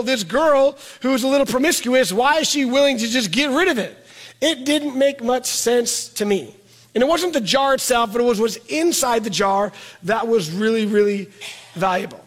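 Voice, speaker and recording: A middle-aged man preaching a sermon in a conversational way, repeating words for emphasis and slowing down on key words. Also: very high-pitched. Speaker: pastor.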